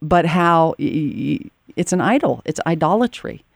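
A woman's voice: sits low, lively intonation, measured pace, gravelly, dry recording. A woman hosting a talk show and interviewing a guest, with an earnest, emphatic delivery. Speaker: radio show host.

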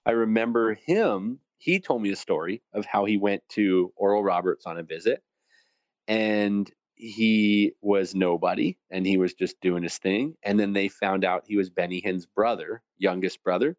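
A man being interviewed as a guest, telling stories in a lively way and acting out the voices of people he quotes. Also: fairly low pitch, normal speed, dry recording, muffled recording. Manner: animated, acts out quoted voices. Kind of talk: conversational storytelling.

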